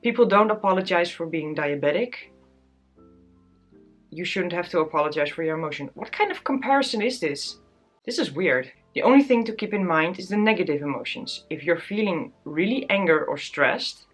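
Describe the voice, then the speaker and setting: A woman's voice: on the low side, lively intonation, a little fast, soft background music. A young woman talking candidly to camera in a casual vlog, tearful and laughing at herself. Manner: candid, self-deprecating, often laughing. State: tearful, close to crying. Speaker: vlogger.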